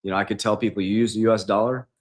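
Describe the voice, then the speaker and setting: Low-voiced man chatting on a livestream. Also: flat delivery, very fast. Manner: loose, chatty, often says "man", reads viewer comments aloud. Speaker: investing coach. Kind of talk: casual livestream Q&A. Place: home kitchen.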